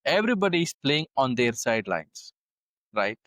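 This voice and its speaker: A man's voice: medium pitch, very animated, normal speed, fairly bright tone, no room sound, clean studio sound. A man hosting a podcast interview, speaking hesitantly and searching for words with frequent fillers. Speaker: podcast host. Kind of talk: conversational interview.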